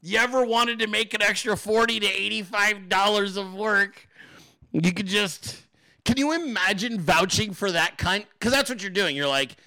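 Male commentary host, high-pitched and profane, mocking with frequent laughs. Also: normal speed, pushed and bright, no room sound. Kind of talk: political commentary show.

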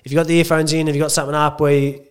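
A man co-hosts a loose, laughing podcast chat, with a slightly higher voice than most men. He reads news snippets aloud between banter, recorded in a small studio. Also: flat delivery, very fast, clear, resonant tone. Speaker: podcast co-host. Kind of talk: casual chat.

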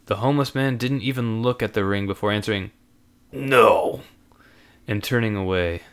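A man narrating a story aloud in an animated reading. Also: fairly low pitch, fast, clean tone.

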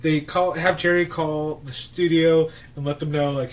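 A man co-hosting a podcast in an excitable, swearing casual chat as he retells movie scenes. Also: fairly high pitch, moderate pace, hardly any pauses. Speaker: podcast co-host.

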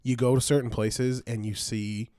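A man's voice: mid-range voice, little pitch movement, normal speed, mellow, dry recording. Laid-back young man chatting, dry close mic. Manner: laid-back, laughing, says dude a lot. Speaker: podcast co-host. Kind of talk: casual chat.

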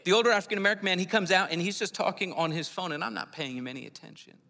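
A man's voice: sits high, very fast, gravelly, bright, forceful tone. A man from Philadelphia preaching a sermon, telling his own testimony in an earnest, conversational way. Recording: long hall reverb.

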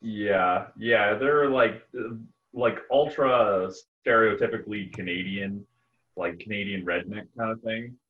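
A low-pitched man in relaxed podcast chatter, stringing his thoughts together with "like". The audio is dull and lo-fi. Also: measured pace. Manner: laid-back, peppers speech with "like". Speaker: podcast co-host. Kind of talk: casual chat about movies.

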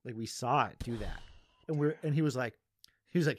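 A man's voice: medium pitch, fast talker, no echo, clean studio sound. A man from Massachusetts, a guest comedian telling a rambling, filler-heavy story on a podcast. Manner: rambling, filler-heavy, laughs through stories.

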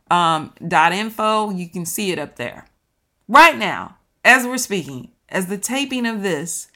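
A woman's voice: a little high, creaky, sharp tone. Earnest woman leading Bible study. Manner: earnest, conversational, talks to viewers directly. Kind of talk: casual teaching monologue.

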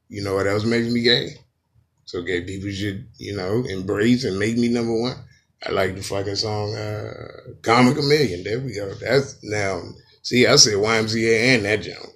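A man's voice: fairly low pitch, normal speed, fairly bright tone. A man doing a rambling, profane comedic rant as a podcast host.

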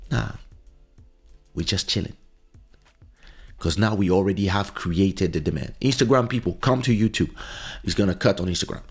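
A man talks casually into a studio microphone, in a low voice. He tells a long story with frequent restarts and quick acted-out quotes. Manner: conversational, with fillers and restarts, acting out quoted lines. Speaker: podcast host.

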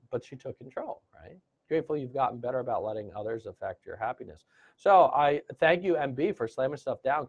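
Husky-voiced male host for a live motivational stream, encouraging tone, muffled lo-fi recording. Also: mid-range voice. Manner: encouraging, reads out viewer comments. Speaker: host of a live gratitude session.

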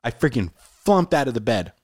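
A man telling a personal story in a casual, animated way, often saying "dude". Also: medium pitch, normal speed, no echo. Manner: animated, says "dude" a lot.

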